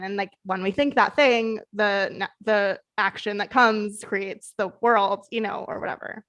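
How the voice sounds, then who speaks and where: A woman's voice: mid-range voice, fairly even intonation, unhurried, few pauses, a bit bright. A woman co-hosting a podcast in casual chat, rambling and reflective, with frequent "like" fillers. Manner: rambling, many "like" fillers, laughs easily. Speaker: podcast co-host.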